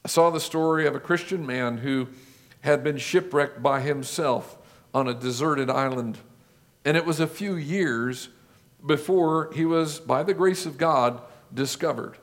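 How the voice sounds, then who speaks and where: A male pastor preaching a sermon, building his points with lists and rhetorical questions. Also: a little high. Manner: rhetorical questions, measured listing.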